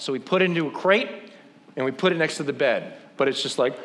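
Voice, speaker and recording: A man delivers a humorous sermon, telling a funny, self-deprecating story and animatedly acting out what people said. His voice is on the high side and fast.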